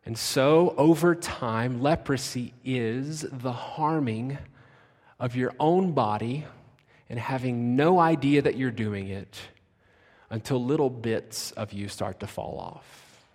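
A man preaches slowly and deliberately, his words trailing off into long pauses. His voice drops to near-whispers, then rises to sudden shouts. Long reverb from a big church sanctuary carries every word. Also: mid-range voice. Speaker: pastor. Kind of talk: sermon. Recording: long reverb of a large hall.

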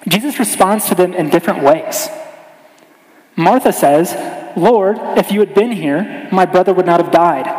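A man preaching a sermon in an earnest way, slowing and softening on key lines. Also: fairly high pitch. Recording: echoey hall with long reverb.

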